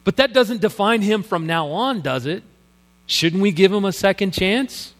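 A man puts on a loyal apostle who pleads for a friend, urgent and raised. The voice sits a little high. Long reverb hangs behind every phrase. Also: animated, moderate pace. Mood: pleading.

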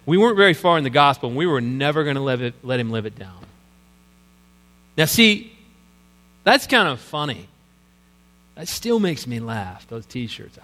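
A middle-aged male pastor delivers a sermon in a big church sanctuary, his slightly high, fairly bright voice echoing off the walls with long reverb over a faint mains hum. He tells stories in a casual way and laughs at his own jokes.

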